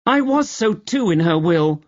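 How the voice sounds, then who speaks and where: A man's voice: high-pitched, expressive, a little slow, highs cut off, voice pushed up. Man doing a petulant, indignant woman. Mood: insistent. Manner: indignant, defensive. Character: petulant indignant woman fighting over an inheritance.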